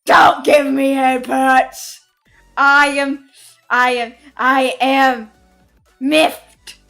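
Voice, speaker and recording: High, bright excitable woman streamer. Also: very slow, creaky, faint music behind. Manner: excitable, swears and scolds chat loudly. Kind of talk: casual live-stream chat.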